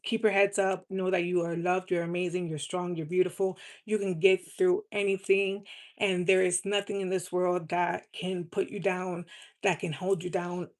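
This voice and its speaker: A woman chatting on a live stream in a lowish voice. She speaks with earnest, heartfelt feeling and keeps her tone fairly even, often repeating words to drive a point home. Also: normal speed. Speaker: live streamer selling cosmetics. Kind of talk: casual live-stream chat.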